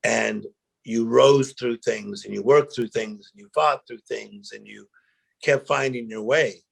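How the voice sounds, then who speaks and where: A middle-aged man, a guest speaker, telling animated personal stories in a chat and acting out the quotes. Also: medium pitch, unhurried, creaky, slightly rough. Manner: animated storyteller, acts out quotes, emotional. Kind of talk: storytelling interview chat.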